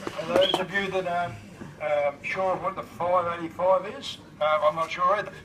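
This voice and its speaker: A man's voice: high voice, flat delivery, moderate pace, background noise. A middle-aged father giving a rambling birthday speech, full of ums and uhs. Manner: rambling and hesitant with many fillers. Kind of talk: casual party speech. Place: party in a shed. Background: loud party crowd.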